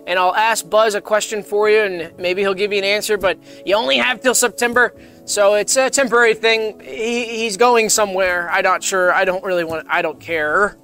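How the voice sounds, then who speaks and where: A man co-hosting a live-stream podcast in casual chat, rambling with halting restarts. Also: high voice, steady tone, faint music behind. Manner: mock-scared shouting while reading chat. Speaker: podcast co-host.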